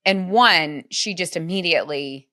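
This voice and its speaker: A woman's voice: fairly low pitch, unhurried, sharp tone. A woman guest on a podcast, telling a personal story earnestly and peppering it with "like.". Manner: earnest, heavy use of "like" as filler. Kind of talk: storytelling in conversation.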